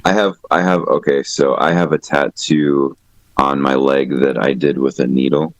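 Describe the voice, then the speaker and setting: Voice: a bass voice, little pitch movement, normal speed, no room sound. A band member chatting casually, hesitant and laughing at themselves. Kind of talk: casual chat.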